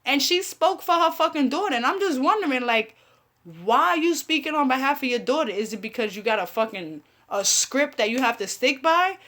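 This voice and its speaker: Brash New woman host, high and sharp, profane casual commentary. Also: expressive, a little fast. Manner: blunt, profane, heated, talks to her chat. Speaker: online radio show host.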